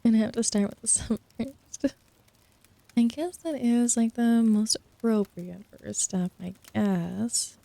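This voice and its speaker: A young woman in whispered role-play with a low-key, gravelly edge and a dark, mellow tone. She speaks softly and teasingly, slipping into mock-sinister playfulness between giggles. She is recorded close on a dry desk mic. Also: fairly even intonation, a little slow, no echo. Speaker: streamer.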